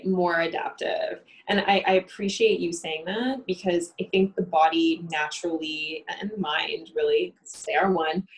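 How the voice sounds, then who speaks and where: A woman's voice: fairly low pitch, rough recording. A woman therapist talking through coping with a colleague, thinking aloud and often checking in with "right?". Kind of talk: conversation about coping between colleagues.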